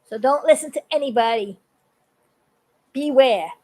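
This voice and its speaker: A woman's voice: high-pitched, poor audio. An older woman chatting on a live video, talkative and earnest, laughing often as she gives warnings. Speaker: vlogger. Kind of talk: casual live video chat.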